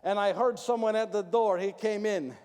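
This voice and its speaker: High-voiced man telling a dramatic story. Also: normal speed, darkish tone, in a large hall. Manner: dramatic, repeats phrases for emphasis, raises voice when calling out. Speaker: actor portraying a biblical figure. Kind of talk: first-person dramatic storytelling monologue.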